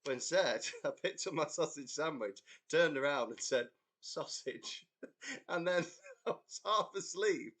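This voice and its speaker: A young man from England who plays in a band hosts a casual livestream chat through his computer mic. His voice sits a little high and sounds expressive and slightly bright at a moderate pace. He rambles through a story, laughs often, and reads viewer comments aloud.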